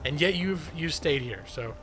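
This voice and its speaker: A man's voice: on the high side, lively intonation, measured pace, a bit bright. A man chatting casually and joking at his own expense while streaming a video game live. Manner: chatty, joking, self-deprecating. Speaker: gaming streamer. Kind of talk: live gameplay commentary.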